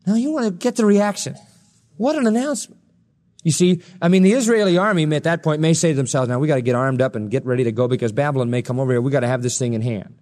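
A man's voice: fairly high pitch, quick pace, a little mellow, long reverb tail. A man preaching a sermon, acting out quoted lines with a raised voice between plain explanation. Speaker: pastor.

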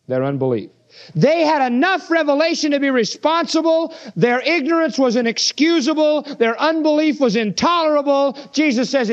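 A man's voice: very high voice, highs cut off. A man preaching a sermon verse by verse, emphatic and full of rhetorical questions.

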